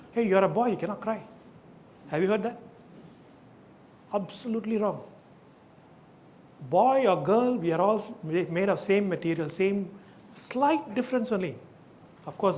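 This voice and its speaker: A man with a high voice gives an emphatic live talk to a group. He keeps turning to his listeners with questions. He stresses his points hard. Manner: emphatic, asks the audience questions. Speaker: speaker leading an awareness session. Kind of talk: live lecture to an audience.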